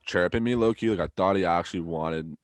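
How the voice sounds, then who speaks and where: A young man, hosting a casual podcast with low, deep tones. He tells stories in an animated way and swears freely. His voice sounds dry and close, with little room sound. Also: a little fast, no echo. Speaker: podcast host. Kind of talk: casual chat.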